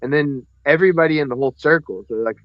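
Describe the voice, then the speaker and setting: A man's voice: fairly high pitch, fast talker, no echo. A man casually telling a personal story on a podcast, rambling and correcting himself as he goes. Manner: rambling, self-correcting, acts out voices in his stories. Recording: dry, slightly muffled podcast audio.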